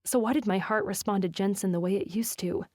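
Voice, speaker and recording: A woman's voice: medium pitch, steady tone, a little fast, darkish tone, no echo, clean studio sound. A woman narrating a romance novel in first person, with a wry, self-mocking inner voice. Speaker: audiobook narrator.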